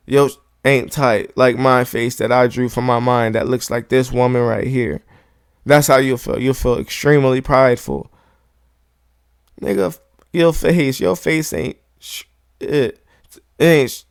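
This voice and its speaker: A podcast host with a medium-pitched, smooth voice and vocal fry delivers a heated, profane monologue, hammering the same point again and again. The recording is dry and clean, made on a studio microphone.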